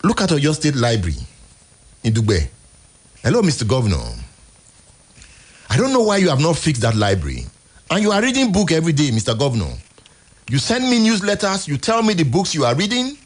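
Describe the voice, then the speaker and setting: A Nigerian man hosting a radio show, giving emphatic, exasperated commentary in a husky voice. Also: fairly high pitch, wildly swooping pitch, quick pace. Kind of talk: impassioned on-air commentary. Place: radio studio.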